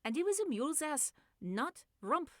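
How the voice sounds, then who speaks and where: Brief: woman playing a blunt, scolding female doctor, audiobook, loud and high. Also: big pitch swings, moderate pace, no room sound, studio quality. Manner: curt, scolding. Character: brusque woman doctor with a Portuguese accent.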